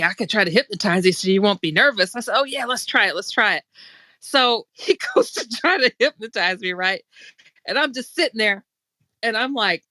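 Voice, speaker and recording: Bright, animated woman telling a story. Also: no echo. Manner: animated, laughs often, acts out quotes with rising pitch. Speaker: show host telling a personal story. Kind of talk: casual storytelling on a talk stream.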